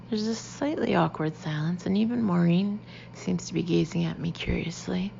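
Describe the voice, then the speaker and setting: Low, gravelly woman narrating an audiobook. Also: normal speed, warm tone, highs cut off, a little hiss or hum. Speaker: audiobook reader. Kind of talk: first-person audiobook narration.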